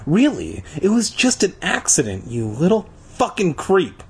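A man's voice: very animated, slow pace, creaky, fairly bright tone, slight background noise, full character voice. Man putting on a shrieking furious schoolgirl. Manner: shrill, scolding.

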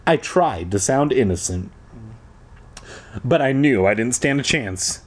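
Young male reader, comic storybook narration, very expressive pitch. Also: measured pace, pauses often. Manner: animated, sarcastic asides. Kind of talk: comedic storybook reading.

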